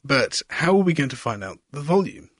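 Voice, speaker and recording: A man's voice: medium pitch, very animated, moderate pace, slightly rough, dry recording. Man, science show presenter, curious questioning, dry close sound. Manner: curious, asks leading questions, narrates each step. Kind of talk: hands-on science demonstration chat.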